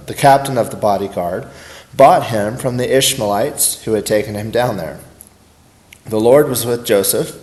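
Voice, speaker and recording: A man reads scripture aloud at an even, unhurried pace. His voice sits at a middling pitch for a man. He delivers the passage as a plain scripted reading. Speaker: scripture reader.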